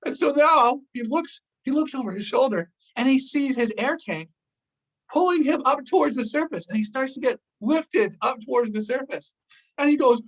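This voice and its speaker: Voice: medium pitch, expressive, normal speed, recorded from a distance, rough recording. A person casually telling a personal story, with lots of "like" and acted-out gasps. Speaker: host recounting a diving story.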